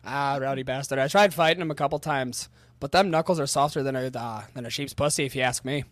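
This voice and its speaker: A man's voice: mid-range voice, fast talker, a bit bright, slight background noise, close to an everyday voice. A man putting on the voice of a crude, rowdy pub regular who swaggers, swears and rambles. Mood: boasting. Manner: swaggering, foul-mouthed, rambling.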